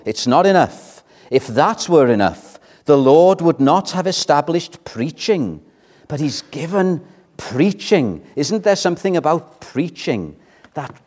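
A man's voice: mid-range voice, a little mellow. A man preaching an evening sermon in a church, earnestly putting rhetorical questions to the congregation.

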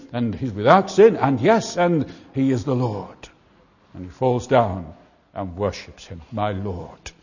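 A man's voice: medium pitch, a little mellow, husky. Earnest older man preaching in a hall. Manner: earnest, repetitive emphatic preaching. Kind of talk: sermon. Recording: muffled hall recording with long reverb.

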